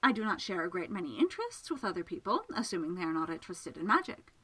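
Casting note: woman reading a shy, formal gentleman magician, hesitant and earnest, with a lively pitch. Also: quick pace, husky, full character voice, poor audio. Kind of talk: audiobook character reading.

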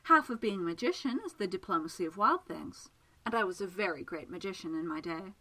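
A woman's voice: fairly low pitch, animated, a little fast, sharp tone. A woman voicing a teasing, confident enchantress. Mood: amused. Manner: teasing, amused, assured. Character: playful, confident female enchantress magician. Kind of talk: audiobook character reading.

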